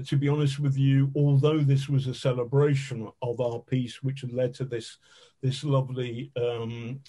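Husky-voiced man telling vivid anecdotes. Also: medium pitch, dark tone. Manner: vivid anecdotes, frank swearing, self-mocking. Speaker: guest, investigative journalist. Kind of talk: conversational storytelling.

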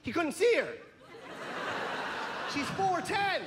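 A man doing stand-up with energetic, loud punchlines and crowd work, then talking about his mother. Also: very high voice, slow pace, background noise. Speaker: stand-up comedian. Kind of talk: stand-up set and interview.

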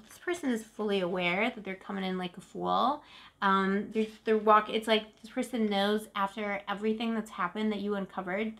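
A woman's voice: mid-range voice, fairly bright tone. Chatty woman giving a tarot reading. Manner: chatty and emotive, says "boo-boo" to viewers. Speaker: tarot reader. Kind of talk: casual tarot reading to camera.

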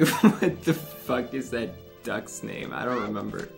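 Young man, streamer, profane, rambling, chatty, mid-pitched voice, game music behind. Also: creaky. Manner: profane, rambling, quick to laugh. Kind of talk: casual livestream commentary.

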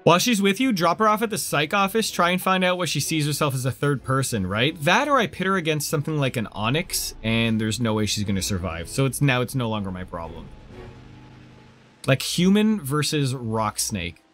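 A man's voice: medium pitch, big pitch swings, moderate pace, a bit bright, soft background music. A man streaming gameplay and riffing with sarcastic jokes. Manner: joking and sarcastic. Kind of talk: casual gameplay commentary.

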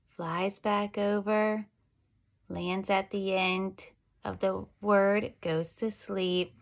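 Slow, sing-song woman teaching phonics. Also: medium pitch, creaky, a bit bright. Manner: slow, sing-song storytelling with drawn-out sounds. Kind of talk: phonics lesson for young children.

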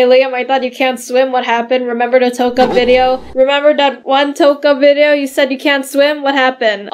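A young woman hosting a casual game playthrough, playful and giggling often as she moves characters around. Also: a little high. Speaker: gaming channel host.

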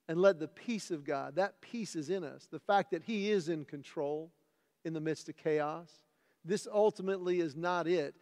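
Earnest pastor preaching in a reverberant church. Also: male voice, sits high, moderate pace. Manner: earnest, swings from loud emphatic scripture reading to hushed tender asides. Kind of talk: sermon. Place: church sanctuary.

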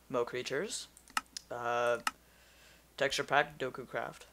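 A man giving loose, rambling commentary while he plays a game. His voice is gravelly with a bright, forceful edge, and a faint hiss sits under it. He keeps losing his train of thought and talking to himself. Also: medium pitch, animated, measured pace. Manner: rambling, easily distracted, talks to himself. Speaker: gamer. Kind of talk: casual gameplay commentary.

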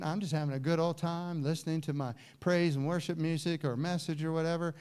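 A man pastor preaching a sermon, animated, dropping to quiet asides and rising to near shouts. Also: on the high side, quick pace, hardly any pauses, smooth. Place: church sanctuary.

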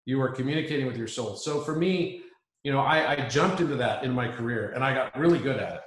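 A man talks earnestly as an interview guest in a reflective conversation. He often restarts and repeats words as he thinks aloud. His voice sits at a mid pitch and carries a roomy echo. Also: fast.

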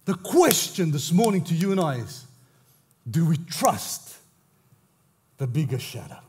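A male pastor with an Australian accent preaching a sermon, swinging between loud exclamations and hushed, intense moments. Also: fairly high pitch, sing-song, a little slow.

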